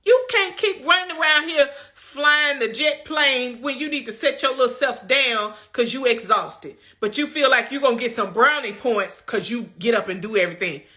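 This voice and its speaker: Bright, emphatic woman giving pep talk. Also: high-pitched, moderate pace, hardly any pauses. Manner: preachy, emphatic, talks straight to viewers; colloquial, folksy. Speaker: lifestyle vlogger. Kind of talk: motivational self-care talk.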